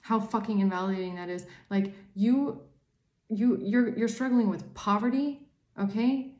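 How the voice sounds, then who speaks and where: A woman tarot reader at a middle pitch, speaking straight to her viewers. She rants hard and swears often, and her tone is mellow and dark. The room around her gives a clear echo. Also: normal speed. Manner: angry ranting, heavy swearing. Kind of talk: tarot reading to camera.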